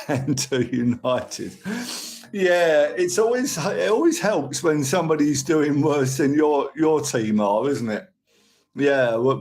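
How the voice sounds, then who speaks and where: A man's voice: mid-range voice, darkish tone, low-quality recording. An older man from London with a Cockney accent, chatting casually and rambling as he reads viewers' messages and thanks them for gifts on a live stream.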